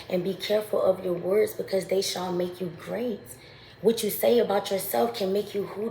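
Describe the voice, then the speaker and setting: A woman vlogger delivers a heated, profanity-laced pep talk, leaning hard on repetition to drive each point home. Her voice sits at an ordinary middle pitch. The room around her rings with echo, and faint background noise hangs underneath. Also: fairly even intonation, moderate pace, creaky, warm tone. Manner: emphatic, profane, repeats phrases for stress. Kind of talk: casual motivational rant. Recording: echoey room with faint ambience.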